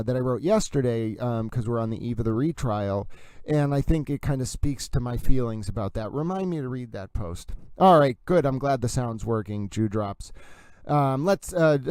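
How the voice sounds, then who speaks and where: Male stream host, animated and chatty, smooth resonant tone. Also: medium pitch, dry recording. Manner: chatty, reads viewer comments aloud; animated and gossipy, laughs while reading. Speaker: livestream host discussing a court ruling. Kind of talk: casual livestream commentary.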